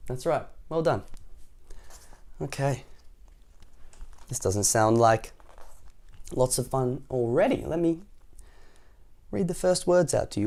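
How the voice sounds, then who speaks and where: A man hosting a storytime video, reading a picture book aloud to children in a playful, animated way and asking them questions. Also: fairly high pitch, normal speed, pauses often. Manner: animated, playful, talks to young listeners. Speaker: storytime host.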